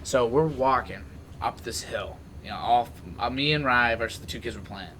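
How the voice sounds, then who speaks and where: A young man hosting a podcast, chatting casually and telling slangy stories about friends, now and then mimicking them in loud bursts. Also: medium pitch, fairly quick, slight background noise, low-quality recording. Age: young adult. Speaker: podcast host. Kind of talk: casual chat.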